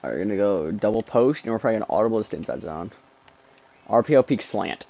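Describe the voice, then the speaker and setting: A man doing let's-play commentary on a football video game, excitable, trash-talking the game and bursting into shouts. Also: lowish voice, fast, creaky. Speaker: gaming streamer. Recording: dull lo-fi dry mic.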